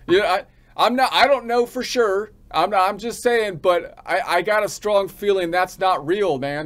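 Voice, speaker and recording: A man from the United States ranting comically, rambling and halting with frequent restarts. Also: high-pitched. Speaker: channel host. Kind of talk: comic rant.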